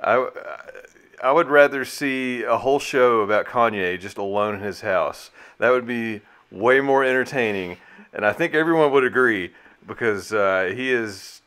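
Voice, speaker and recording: A man co-hosting a casual reaction video, with dry, deadpan humor. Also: mid-range voice, moderate pace, clean tone. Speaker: co-host.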